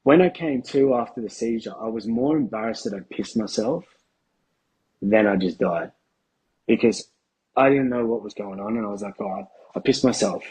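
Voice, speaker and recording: A man, a podcast guest telling a candid personal story in a casual, halting way with restarts and swearing. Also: medium pitch, darkish tone, slightly rough, rough recording. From Australia.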